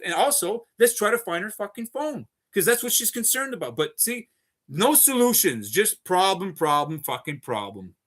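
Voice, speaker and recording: A high-pitched, somewhat bright male voice delivers an unscripted ranting monologue on a live stream. He rambles and swears throughout, keeps repeating himself, and addresses viewers as "folks."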